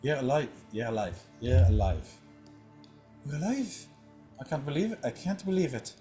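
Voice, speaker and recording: A man's voice: medium pitch, a little slow, a little mellow, faint music behind, lightly acted. A man voicing a harried female town leader who gushes and repeats herself. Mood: overjoyed.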